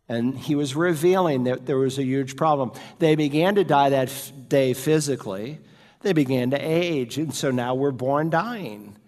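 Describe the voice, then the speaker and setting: A pastor preaches a sermon earnestly and emphatically, slowing down to stress key phrases. His medium-pitched voice is a little mellow, with a long reverb tail.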